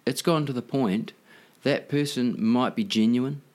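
A man in a loose, casual chat, swearing freely. He rambles through his points and acts out little scenes. His voice is mid-pitched. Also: moderate pace. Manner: rambling, profane, animated storytelling.

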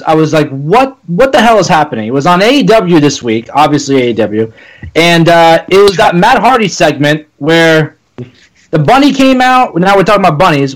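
A man guesting on a wrestling podcast, telling stories casually with quick asides. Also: high-pitched, rough recording.

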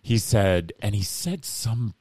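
A middle-aged man, a guest in a casual interview, telling a story in an animated way and acting out the voices of the people he quotes. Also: fairly low pitch, slow, husky, no room sound, studio quality.

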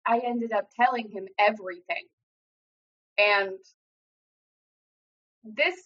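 A young adult woman telling a painful personal story in an earnest, halting way, acting out what others said. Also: medium pitch, fairly bright tone. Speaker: guest sharing personal story. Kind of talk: emotional personal account. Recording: dull lo-fi sound.

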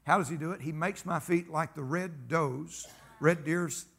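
Man, pastor, sermon, raspy fry, folksy emphatic storytelling. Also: fairly high pitch, unhurried, a bit bright. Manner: folksy and emphatic, calls for amens, tells stories.

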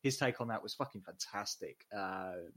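A man's voice: fairly low pitch, normal speed, fairly bright tone. Blunt sweary guy ranting about movies on a podcast, casual chat. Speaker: podcast co-host. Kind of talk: casual film discussion.

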